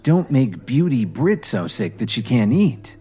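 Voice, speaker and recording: A friendly young woman classmate who coaxes briskly, voiced by a male storyteller. The delivery stays lively in pitch, rising and falling as she talks. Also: slightly rough, full character voice. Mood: coaxing.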